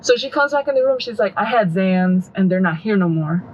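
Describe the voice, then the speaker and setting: A woman's voice: mid-range voice, a little fast, highs cut off, slight background noise. A woman tattoo artist on a podcast, telling stories casually and acting out what people said. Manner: animated, acts out quoted voices. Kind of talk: casual storytelling.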